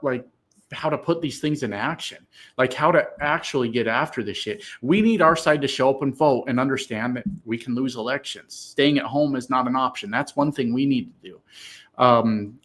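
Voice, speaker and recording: A man hosting a casual political livestream, reading viewers' comments aloud and answering them in a profane, emphatic way that turns loud and excited. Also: mid-range voice.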